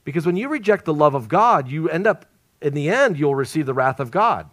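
A man preaching an evangelistic sermon at a church service, swinging between loud emphasis and hushed, near-whispered lines. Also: on the high side, animated, brisk.

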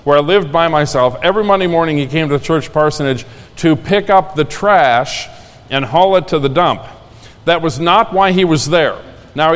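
In a sermon, a male pastor preaches earnestly and folksily, frequently repeating his key lines. His voice is a little high for a man, and the audio carries a church sanctuary's long reverb.

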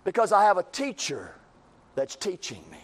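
A man's voice: high voice, huge pitch swings, normal speed. A man preaching a sermon in a folksy, emphatic way, repeating phrases and quoting imagined critics.

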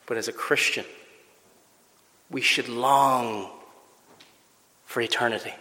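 A man's voice: mid-range voice, steady tone, slow pace, bright, forceful tone. A man preaching a sermon, emphatic and asking the congregation rhetorical questions. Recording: echoey church hall with long reverb.

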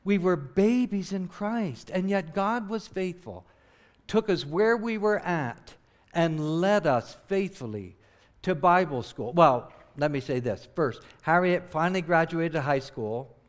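Earnest missionary preacher from southern New Jersey. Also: male voice, fairly high pitch, animated, unhurried. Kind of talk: sermon.

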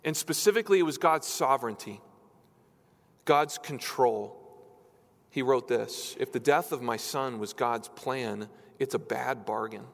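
A man's voice: medium pitch, measured pace, gravelly. A man preaching a sermon as a pastor, talking earnestly and pleading, his voice lifting on questions. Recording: long hall reverb.

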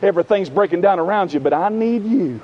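A man voicing Jesus gently calling a busy believer to sit down, quiet and low compared to his preaching voice. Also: lively intonation, fast, lo-fi sound. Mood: tender. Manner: soft, low and intimate. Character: gentle Jesus speaking softly to a weary believer.

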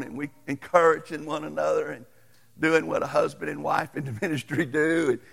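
A man's voice: a little high, vocal fry, fairly bright tone, in a large hall. A middle-aged male pastor, preaching a folksy, conversational storytelling sermon. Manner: folksy, conversational, quick to chuckle.

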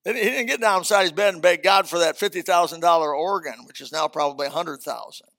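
Older man, pastor's sermon, high gravelly voice, folksy and emphatic. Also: quick pace, fairly bright tone. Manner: folksy, emphatic preaching with humorous asides. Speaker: senior pastor. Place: church auditorium.

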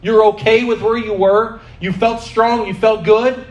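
A man's voice: high-pitched, steady tone, measured pace, echoey room. A man preaching a sermon, emphatic and questioning, who keeps asking the congregation rhetorical questions. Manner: emphatic, asks the crowd repeated questions.

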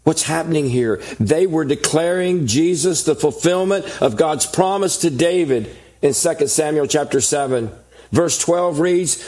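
A man's voice: a little high, expressive, a little slow, darkish tone. A man preaching a sermon, reading scripture and building emphatic lists. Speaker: pastor.

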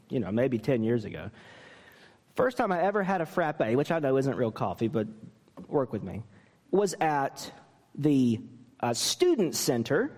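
Animated man preaching in a reverberant hall. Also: fairly high pitch. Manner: animated storytelling with self-deprecating humor. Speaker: pastor. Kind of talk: sermon.

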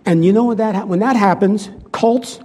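A man's voice: sits high, moderate pace, warm tone, breathy edge. Emphatic man preaching in a hall. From United States. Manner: emphatic, earnest, repeats phrases for stress. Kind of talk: sermon. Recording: long hall reverb.

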